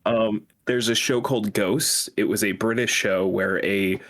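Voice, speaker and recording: Low-voiced man ranting in casual chat. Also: unhurried. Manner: animated ranting, mock high-pitched impressions. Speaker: podcast co-host.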